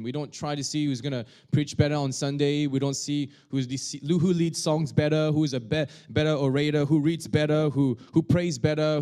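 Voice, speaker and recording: Man preaching a halting sermon. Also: on the high side, dark tone. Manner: halting, many restarts and fillers. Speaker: pastor.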